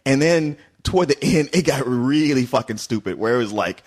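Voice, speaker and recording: A man reviewing a movie in casual chat, animated and restarting his sentences. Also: mid-range voice, moderate pace. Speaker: film reviewer.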